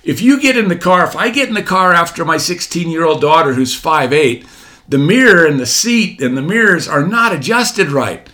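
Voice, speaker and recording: A man in his forties gives a motivational talk in a fairly high voice. He preaches, circling back to repeated phrases and firing rhetorical questions at the listener. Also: lively intonation, normal speed, sharp tone. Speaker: motivational speaker.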